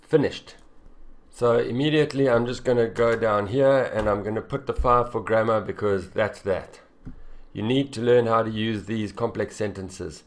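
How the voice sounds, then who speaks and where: A man's voice: on the low side, normal speed. A man teaching English writing, correcting a student essay in a blunt, exasperated, emphatic way.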